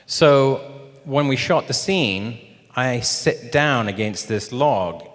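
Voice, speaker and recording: A British man, a guest actor, telling an animated anecdote at a live Q&A and acting out the quotes. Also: mid-range voice, takes it slowly. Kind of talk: anecdote told to a live audience. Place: large screening theater. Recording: long reverb of a cinema hall.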